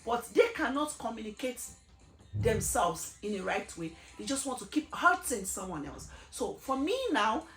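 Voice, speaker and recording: A woman's voice: fairly high pitch, sing-song, moderate pace. A woman giving an earnest, emphatic gospel testimony, asking her listeners rhetorical questions. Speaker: gospel speaker. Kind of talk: personal testimony sermon. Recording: echoey room with faint music.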